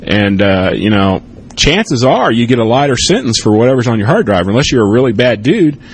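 A middle-aged former police officer from the United States gives a casual, rambling conference talk and fields audience questions, peppering it with "okay?" and "you know." His mid-range voice is very animated, slightly rough and a little fast.

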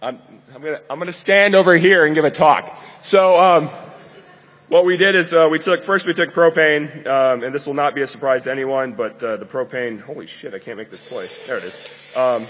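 A man's voice: on the high side, brisk, fairly bright tone, big-room sound. A man giving a live conference talk to an audience, rambling and joking with many fillers. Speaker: conference speaker. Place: lecture hall with an audience.

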